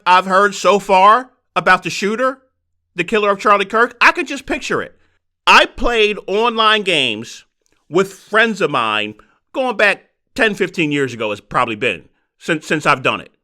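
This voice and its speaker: A man hosting a solo podcast, talking in an animated, rhetorical way. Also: high-pitched, moderate pace. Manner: animated, rhetorical, mocking quoted voices. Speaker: podcast host.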